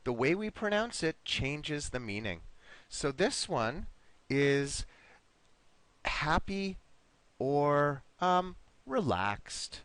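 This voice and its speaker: Slow, lively-voiced male English teacher. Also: a little high, dry recording. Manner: patient, encouraging, modeling pronunciation slowly. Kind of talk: online English lesson.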